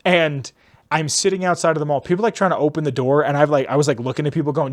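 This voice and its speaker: A man's voice: steady tone, fast talker. A young man hosting a podcast, telling a long story in a rambling, casual way and acting out the people he quotes. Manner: rambling, acts out quotes in lowered voices. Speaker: podcast host.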